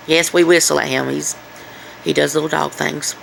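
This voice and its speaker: A woman's voice: low voice, fairly even intonation, moderate pace, creaky, noisy background. A woman filming at home, chatting and coaxing her pets in a singsong voice. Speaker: pet owner filming at home. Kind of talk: casual home video, talking to pets. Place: home, indoors.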